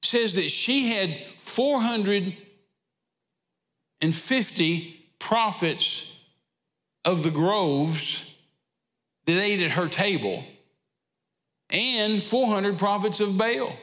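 A man's voice: sits high, drawn-out words, pauses often, a bit bright. A man preaching a sermon, telling a Bible story in a folksy way. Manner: folksy storytelling with drawled asides. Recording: echoey hall reverb.

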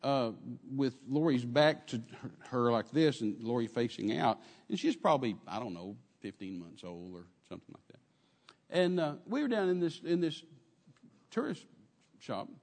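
A man preaching a sermon in an animated way, acting out quotes and dropping at times to a soft murmur. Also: mid-range voice, moderate pace, big-room sound. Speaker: pastor.

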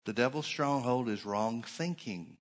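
A middle-aged male pastor preaching a Bible sermon, stressing key phrases by slowing down and repeating them. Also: medium pitch. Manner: preaching with shifting emphasis, slows to stress points.

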